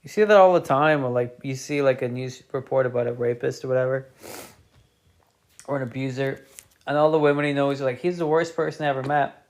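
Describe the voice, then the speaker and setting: A man's voice: mid-range voice, steady tone, fairly quick. A British man streaming, telling a meandering comedic monologue with chatty, offhand asides.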